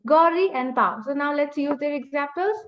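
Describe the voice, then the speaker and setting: Brief: young female teacher, high and unhurried, drilling pronunciation over a dull lo-fi call line. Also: a little hiss or hum. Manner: slow, drawn-out tone demonstration with repetition. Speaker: Mandarin teacher. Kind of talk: online webinar lesson. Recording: dull lo-fi online call audio.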